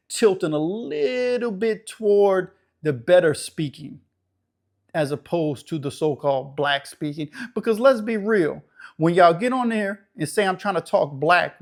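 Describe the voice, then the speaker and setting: New orleans guy talking straight to camera, kinda high voice, blunt and defiant. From New Orleans area, Louisiana. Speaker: YouTube channel host. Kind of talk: casual monologue to camera.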